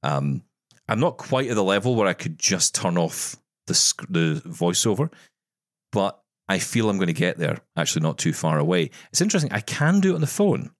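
Very deep-voiced chatty man. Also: very animated, normal speed, dry recording, studio quality. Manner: chatty, storytelling, jokey asides. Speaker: podcast co-host. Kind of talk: casual chat.

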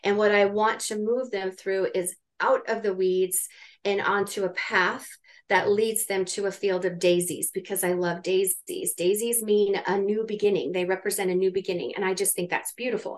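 A woman's voice: mid-range voice, fairly even intonation, normal speed. A middle-aged woman in a live coaching session, speaking earnestly and urgently and thinking aloud as she works out her ideas. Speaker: coach in training.

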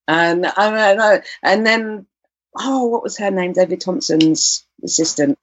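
A woman's voice: mid-range voice, measured pace, no room sound, dull audio. A woman guest telling a personal story in an interview, earnest and searching for her words. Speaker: guest, composer and musician.

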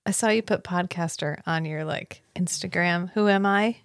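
A woman's voice: on the low side, moderate pace. A woman who produces and co-hosts a casual book podcast, talking in a playful, teasing way.

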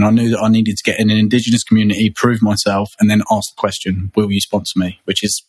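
A man's voice: on the low side, little pitch movement, fast, hardly any pauses, husky. A man from England, a guest in an interview, talking conversationally in a rambling way, with many restarts and repeated words.

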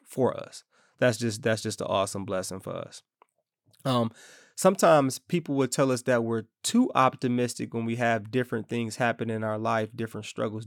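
A man's voice: mid-range voice, creaky, no echo, clean studio sound. A man preaching a casual, conversational sermon, reading scripture and acting out scoffers in slangy asides.

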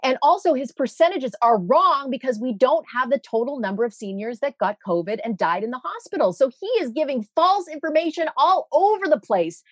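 A woman's voice: sits high, lively intonation, fairly quick, hardly any pauses, no room sound. A woman guest on an interview show, speaking in an indignant, emphatic way. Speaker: guest, meteorologist. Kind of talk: impassioned interview talk.

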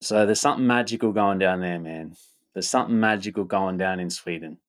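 A man talking about his upcoming event in an energetic, casual monologue, often repeating himself, swearing and tagging "right?" on his lines. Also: sits low, brisk. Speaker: event host and rapper.

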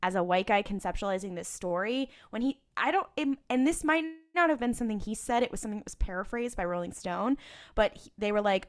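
A woman co-hosting a casual group discussion, talking in an animated, rambling way with lots of fillers. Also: fairly high pitch, a little fast. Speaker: podcast co-host.

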